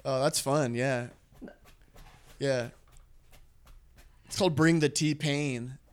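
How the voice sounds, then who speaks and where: A man's voice: medium pitch, fairly even intonation, takes it slowly, a little hiss or hum. A young man co-hosting a podcast, rambling and swearing in casual banter with frequent laughs. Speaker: podcast co-host.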